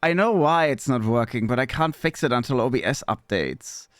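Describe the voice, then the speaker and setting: Young male streamer, middle pitch, scattered and exasperated, swears at his gear, dry close mic. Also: animated, moderate pace, dry recording, faint music behind. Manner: jumps between mumbles and high squeaky outbursts. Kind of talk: live stream chat with viewers. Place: home streaming setup.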